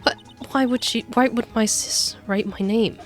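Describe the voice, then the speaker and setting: A woman voicing a distraught young woman grieving her sister, reading game dialogue on stream in a halting, stammering way. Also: medium pitch, faint music behind, pitched above the performer's own voice, lightly acted.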